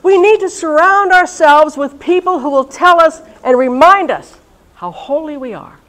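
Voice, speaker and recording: A woman, a religious sister, leading a reunion session in a chatty, lively way and talking straight to her audience. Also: sits high, moderate pace, poor audio. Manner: chatty and lively, talks directly to listeners. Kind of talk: informal talk to a live audience. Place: college event room.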